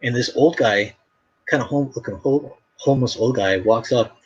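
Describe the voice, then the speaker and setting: A man's voice: medium pitch, moderate pace, breathy edge. A man chatting casually on a live stream, telling rambling stories full of fillers. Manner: rambling storyteller, many fillers. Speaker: artist hosting a live stream. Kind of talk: casual chat. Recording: dull lo-fi stream audio.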